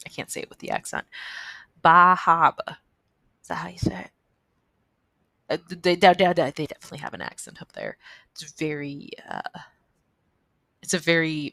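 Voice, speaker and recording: A woman's voice: sits low, a bit bright, no echo. A young woman chatting casually in a voiceover, rambling with many ums and restarts. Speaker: planner vlogger. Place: voiceover recorded apart from the video.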